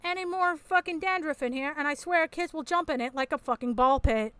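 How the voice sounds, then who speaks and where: A woman with a high voice mocks the video she's reacting to in crude, swearing commentary. She often breaks into loud laughter, and her voice sits close and dry with no room sound. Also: fairly quick, no room sound. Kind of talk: casual commentary.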